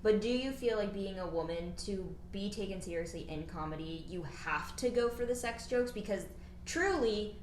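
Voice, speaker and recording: A woman's voice: mid-range voice, animated, normal speed, echoey room, slight background noise, rough recording. A woman hosting a casual interview, asking questions and agreeing often with short replies. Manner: agreeable, gives frequent short assents. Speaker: host. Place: kitchen.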